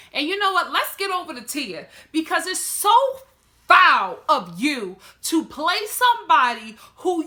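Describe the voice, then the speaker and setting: A woman's voice: high-pitched, bright, forceful tone. A woman with a Southern US accent giving sassy, emphatic commentary as a vlogger reviewing a reality show. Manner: sassy, emphatic, talks straight to the camera and the show's people. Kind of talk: animated casual commentary.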